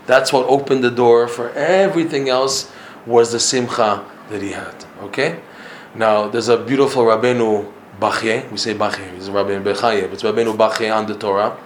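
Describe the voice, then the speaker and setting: A man's voice: medium pitch, steady tone, normal speed, a little hiss or hum. A man giving a religious lecture in an emphatic way, often repeating himself and chuckling. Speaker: religious teacher. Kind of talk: Torah lecture. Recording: roomy echo.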